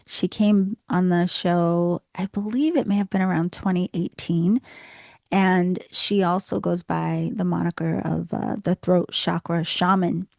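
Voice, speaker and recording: A woman with a Boston accent hosts a podcast, her lowish voice carrying a gravelly fry. She gushes warmly over her guest, and the sound is close and dry with no room around it. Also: fairly even intonation, measured pace, no echo. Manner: effusive, gushing with praise. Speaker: podcast host. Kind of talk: podcast interview.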